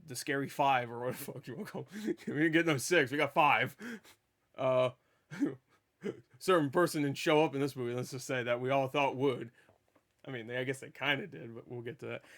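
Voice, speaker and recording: A man giving a casual spoiler review of a movie, rambling and excitable, swearing freely and stumbling over restarts. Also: medium pitch. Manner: rambling, profane, with stammered restarts; animated and excitable.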